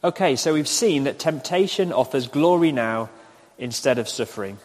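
Man, preacher, measured delivery, long reverb. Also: medium pitch, animated, darkish tone. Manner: measured, repeats questions slowly. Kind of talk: recorded online sermon. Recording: echoey hall with long reverb.

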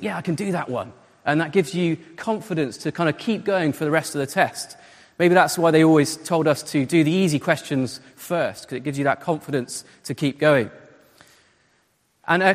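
A man giving a conversational sermon, full of fillers and rhetorical questions. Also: a little high. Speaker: preacher. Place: church hall. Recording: long hall reverb.

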